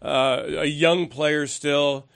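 Guy hosting a sports show in studio, slightly high voice, chatty questions. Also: steady tone, very slow, vocal fry, fairly bright tone. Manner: conversational, asks leading questions.

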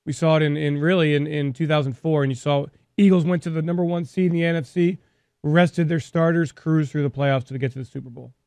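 Male sports talk host, lively and talkative, dry studio sound. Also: a little high, brisk, dry recording. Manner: energetic, repeats words while thinking.

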